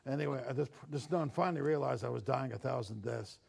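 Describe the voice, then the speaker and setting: A man's voice: mid-range voice, fast talker, vocal fry, hardly any pauses, a little mellow, breathy edge. An older man from Newfoundland, a newspaper columnist, telling stories of his childhood in a sit-down interview, and acting out the voices he quotes. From Newfoundland, Canada. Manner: reflective storyteller, acts out quoted voices.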